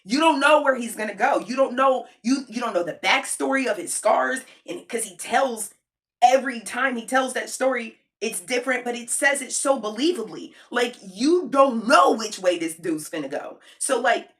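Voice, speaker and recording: A woman's voice: fairly high pitch, moderate pace, fairly bright tone. An adult woman giving a casual, emphatic review to camera, slangy and talking directly to her viewers, repeating points for effect. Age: adult with a child. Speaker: video creator reviewing a film.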